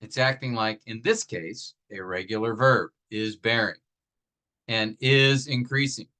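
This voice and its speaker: A man's voice: on the low side, bright, forceful tone, poor audio. A man teaching a grammar lesson, explaining patiently step by step and asking his class rhetorical questions. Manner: many fillers and restarts, slows down to stress example phrases.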